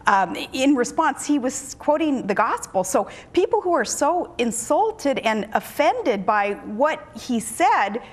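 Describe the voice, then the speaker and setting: A woman's voice: high voice, big pitch swings, slow, hardly any pauses. A woman in her forties giving a television news interview, talking in a folksy, earnest way with many restarts and fillers. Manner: folksy, earnest speech-making. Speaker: political guest on a cable news show.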